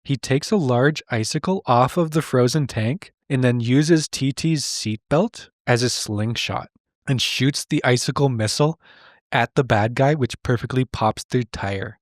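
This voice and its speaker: A man's voice: mid-range voice, measured pace, no room sound, clean studio sound. A man co-hosting a comedy show, recapping an old cartoon with sarcastic, incredulous narration. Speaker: podcast co-host recapping a cartoon. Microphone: remote call mic.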